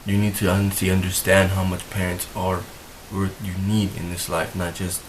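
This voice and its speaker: A young man with a low, level voice speaks earnestly to camera, circling back and repeating himself as the feeling builds. His delivery stays steady in pitch and rarely lifts. A soft hiss runs under the recording. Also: normal speed, low-quality recording. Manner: emotional, rambling, repeats himself. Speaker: vlogger.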